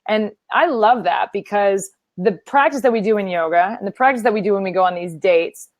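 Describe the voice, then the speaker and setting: A woman's voice: mid-range voice, brisk, no room sound. A woman guest, a yoga teacher, chatting casually and playfully acting out her own inner voice. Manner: animated, self-deprecating, acts out her inner voice. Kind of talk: casual interview chat.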